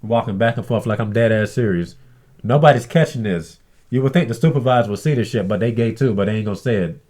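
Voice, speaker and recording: Man, lowish voice, casual rant, blunt, profane, aggrieved storytelling. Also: fast talker, darkish tone. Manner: acts out others' lines in mimicked voices. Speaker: vlogger. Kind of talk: casual ranting monologue.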